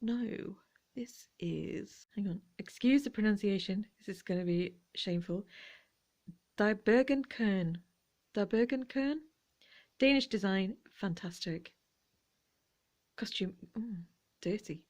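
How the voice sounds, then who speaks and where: A woman chatting gently as she shows her vintage jewellery finds. She talks quietly, often slipping into whispers, with playful asides. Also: medium pitch, unhurried. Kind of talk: relaxed show-and-tell chat.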